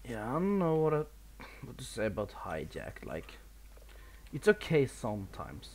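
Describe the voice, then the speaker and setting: A man's voice: medium pitch, huge pitch swings, moderate pace, darkish tone, a little hiss or hum. Swedish-accented young man commentating gameplay. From Sweden. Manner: casual and nervous, swears often, laughs at himself.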